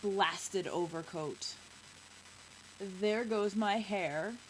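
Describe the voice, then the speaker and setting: A woman voicing a cranky old man who grumbles slowly, in a children's storybook reading. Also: mid-range voice, slight background noise, low-quality recording. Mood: grumpy. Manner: gruff, grumbling, slow.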